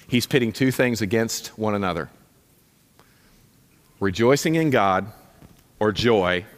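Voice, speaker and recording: A man's voice: on the low side, in a large hall. A man preaching a sermon as pastor in a church, direct and emphatic, repeating his commands for force. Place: church sanctuary.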